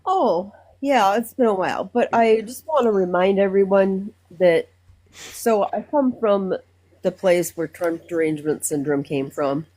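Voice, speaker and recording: A woman from Minnesota calling in to a live stream, speaking earnestly and emotionally with halting fillers. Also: mid-range voice, dark tone. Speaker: caller. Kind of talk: casual call-in talk.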